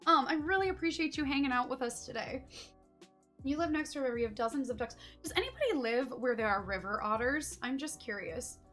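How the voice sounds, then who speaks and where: A woman's voice: high voice, lively intonation, a little fast, a bit bright, faint music behind. A young woman chatting casually on a livestream while she paints, bubbly and gushing as she greets viewers. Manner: bubbly, gushing, talks to chat while working. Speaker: livestream artist.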